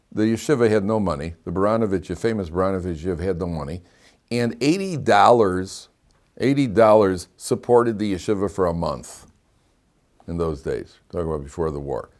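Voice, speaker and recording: Lower-voiced rabbi telling stories in class. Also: male voice. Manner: animated storyteller who acts out dialogue; digressive, with frequent restarts and rhetorical questions. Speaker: rabbi teaching a weekly Torah class. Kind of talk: Torah class lecture.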